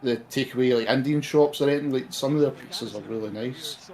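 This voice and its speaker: A man's voice: medium pitch, quick pace, slight background noise, poor audio. A Scottish man co-hosting a live stream, chatting casually and reading out viewer comments. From Scotland. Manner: relaxed, chatty, reads out chat comments. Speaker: stream co-host reading chat. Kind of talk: casual chat.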